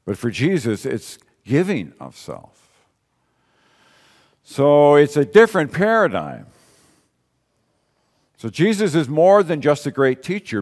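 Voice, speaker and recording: A man preaching a sermon in a conversational way, repeating key phrases and asking rhetorical questions. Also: mid-range voice. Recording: long reverb of a large hall.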